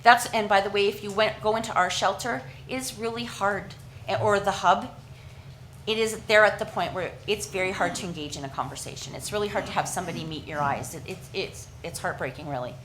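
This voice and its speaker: A woman's voice: mid-range voice, fairly quick, a bit bright, slight background noise, poor audio. Earnest Canadian woman presenting to council. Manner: earnest, with many restarts and fillers.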